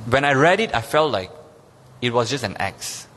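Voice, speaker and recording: Pastor preaching in reverberant hall. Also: male voice, sing-song, moderate pace, a bit bright, slight background noise. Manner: emphatic, repeats key phrases, rises in pitch when stressing points. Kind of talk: sermon. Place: church sanctuary.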